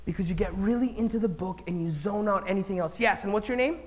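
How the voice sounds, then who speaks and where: Animated man telling a story to kids. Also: sits high, fast talker. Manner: animated, swings between loud and hushed; engages the audience with questions. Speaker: speaker at a children's event. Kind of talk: storytelling talk to children.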